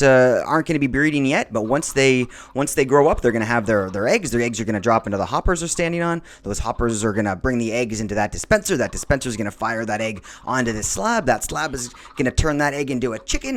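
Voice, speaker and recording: A man casually talking through a video game build for his viewers, rambling with many fillers and restarts. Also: mid-range voice. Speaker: Minecraft let's-play host. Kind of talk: casual gameplay commentary.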